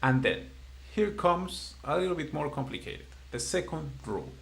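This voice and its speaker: A man teaching a beginner class in English, patient and encouraging as he explains rules slowly. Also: a little high, very animated, gravelly, a bit bright. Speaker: Spanish teacher. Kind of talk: live-streamed online language lesson.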